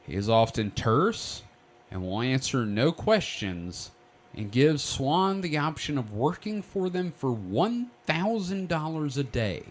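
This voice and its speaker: A man's voice: a little high, slow. Guy hosting a podcast, voice bounces all over, swears and laughs a lot while telling the story. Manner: lively storyteller, swears freely, laughs often. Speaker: podcast host presenting the research. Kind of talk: casual comedic podcast banter.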